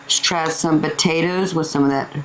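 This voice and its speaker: A woman's voice: low voice, steady tone, normal speed, background noise. Homey older woman. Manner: homey, calls viewers "family", tastes and savors food. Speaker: cooking channel host. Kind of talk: casual cooking vlog.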